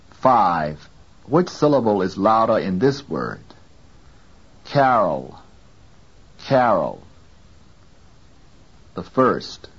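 A man reading a scripted language lesson in a slow, measured way, counting off numbered frames. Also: lowish voice, slightly rough. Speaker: language course instructor. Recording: dull lo-fi old tape recording.

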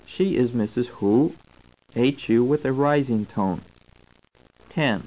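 A man reading a scripted language course, slowly spelling out words and their tones. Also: mid-range voice, dark tone, poor audio. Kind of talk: scripted instructional narration. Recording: old tape recording.

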